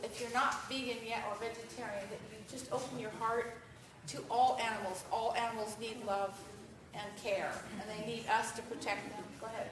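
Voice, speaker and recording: Lively woman lecturing to a crowd, highish bright voice, roomy echo, a bit of hiss. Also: moderate pace. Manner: lively, conversational, addresses audience directly. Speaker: guest speaker answering audience questions. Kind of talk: live presentation with Q&A. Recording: echoey room, mic far off, faint noise.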